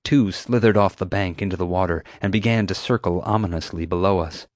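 A man reading a first-person adventure story aloud as narrator, steady and vivid. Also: sits low, a little fast, no room sound. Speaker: audiobook narrator.

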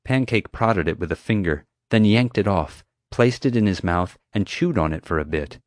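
Deep-voiced male audiobook narrator. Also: moderate pace, dry recording, studio quality. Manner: steady, clear storytelling.

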